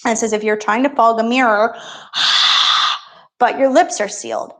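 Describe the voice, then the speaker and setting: A woman's voice: on the high side, quick pace. A woman yoga instructor talking a beginner class through poses and breathing, with encouraging, playful step-by-step cues.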